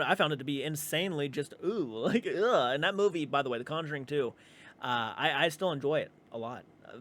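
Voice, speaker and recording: A man's voice: fairly high pitch, fairly bright tone. A man hosting a reaction video, talking casually and rambling, with restarts and casual swearing. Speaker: reaction channel host.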